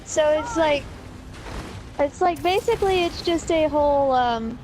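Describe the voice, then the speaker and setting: High-voiced young woman, blunt and chatty. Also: unhurried, noisy background. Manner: blunt, opinionated, casual slang. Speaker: co-host. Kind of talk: casual chat over gameplay.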